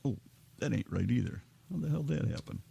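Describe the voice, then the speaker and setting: A man's voice: medium pitch, animated, quick pace, creaky, warm tone, breathy edge. A man from Kentucky, co-hosting a casual live internet radio show, joking and rambling while he looks for songs.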